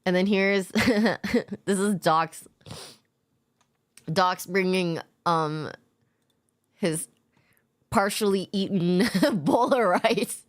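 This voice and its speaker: A woman's voice: mid-range voice, extremely slow, long pauses. A young adult woman streamer chatting casually with her chat, laid-back, swearing often and laughing a lot. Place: home streaming setup.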